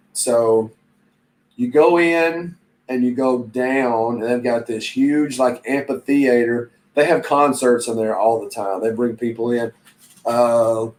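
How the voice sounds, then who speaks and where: A man's voice: medium pitch, a little mellow, low-quality recording. A man with an ordinary mid-range voice talks loosely and at length on a casual live stream. He hosts a reselling channel, wanders from story to story and stops to answer viewer comments. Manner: rambling, chatty, reads viewer comments aloud.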